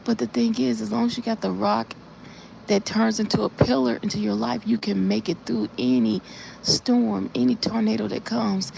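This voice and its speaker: A woman on a casual live stream earnestly recounts a dream, repeating herself and addressing her viewers directly. Her medium-pitched voice is expressive, creaky, and mellow at a normal speed, with slight background noise.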